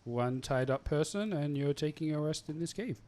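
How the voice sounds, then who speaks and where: A man running a live-streamed tabletop game as game master, relaxed, laughing often and pausing with fillers. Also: on the high side.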